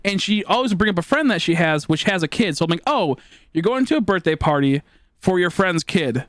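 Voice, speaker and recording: A man talking casually to his live-stream chat, telling stories in an animated, rambling way and laughing often. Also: high-pitched, brisk, no echo.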